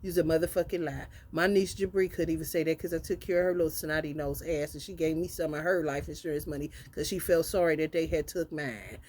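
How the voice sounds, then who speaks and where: A woman hosting an unscripted live stream as a tarot reader. She talks bluntly and with a lot of swearing, calls listeners honey, and swings between loud outbursts and low muttering. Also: fairly even intonation, fast talker, few pauses.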